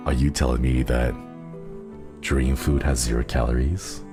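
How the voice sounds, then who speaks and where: Male streamer, very low voice, unhurried, tender and giggly, music under him. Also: steady tone. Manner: tender, giggly, easily moved. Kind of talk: casual live-stream chat. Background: soft background music.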